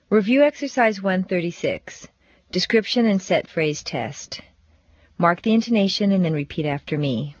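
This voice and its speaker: Woman, pronunciation teacher, exaggerated stress drills, lower voice, dry, lo-fi recording. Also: animated, no room sound. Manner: slow, deliberate, exaggerated stress and intonation.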